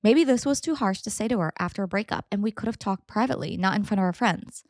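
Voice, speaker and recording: A woman's voice: medium pitch, fast, a little mellow, no echo. A young woman hosts a casual story podcast, reading posts and breaking off into dramatic, indignant asides. Her voice sits in a middle register. The sound is dry and close, with no room around it. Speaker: podcast co-host reading stories.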